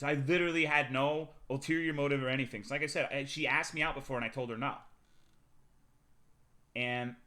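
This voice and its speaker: A male streamer telling a rambling, profane personal story to his live chat, swinging between loud bursts and muttering. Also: medium pitch, fairly even intonation, a little fast. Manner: profane, rambling anecdote with big swings in loudness.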